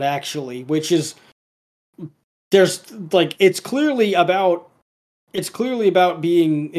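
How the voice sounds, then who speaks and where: A man in casual podcast chat, rambling through a cartoon episode with lots of fillers and restarts. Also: on the high side.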